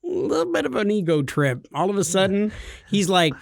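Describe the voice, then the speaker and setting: A man's voice: high-pitched, sing-song, moderate pace, creaky, no echo. A man co-hosting a gaming podcast in a studio, chatting casually and teasing his co-host with jokes. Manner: teasing, joking storyteller. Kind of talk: casual chat.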